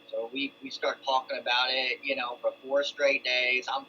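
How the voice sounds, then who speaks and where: A man's voice: medium pitch, flat delivery, moderate pace, few pauses, sharp tone, slight background noise. A middle-aged man telling his own testimony in a loose, rambling way, full of restarts and asides. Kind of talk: casual storytelling testimony. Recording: dull lo-fi sound with faint ambience.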